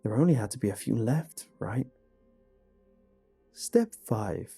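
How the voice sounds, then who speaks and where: A man narrating a first-person horror story in a measured, hushed way. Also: medium pitch, animated, gravelly, breathy edge. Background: faint music.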